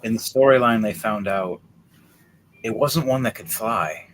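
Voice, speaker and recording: A man runs a tabletop game, narrating with lively energy. He swings from loud, excited bursts to low, hurried asides. A faint hiss sits under his voice. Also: low-quality recording. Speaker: game master.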